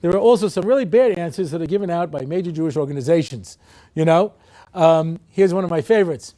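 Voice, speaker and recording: A man in his sixties giving a humorous lecture as a rabbi, telling wry, animated stories with comic voices. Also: on the high side, fast talker.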